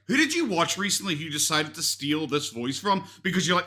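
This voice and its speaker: Fast and barely pausing, a man with a high, pushed, bright voice and lively intonation records reaction commentary on a vlog. As a commentary YouTuber using a desk USB microphone, he mocks what he sees, swearing and laughing a lot.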